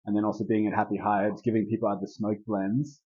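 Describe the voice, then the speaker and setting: Laid-back rambling man, husky and low. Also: little pitch movement, fast, dark tone, dull audio. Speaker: herbalist leading a group talk. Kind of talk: casual workshop talk.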